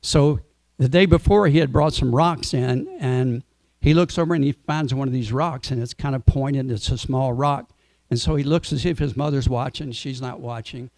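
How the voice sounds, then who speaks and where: A man telling a devotional story as a sermon, in a relaxed way and asking the audience questions. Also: mid-range voice, moderate pace, vocal fry, no echo. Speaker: speaker at a temple Sunday program.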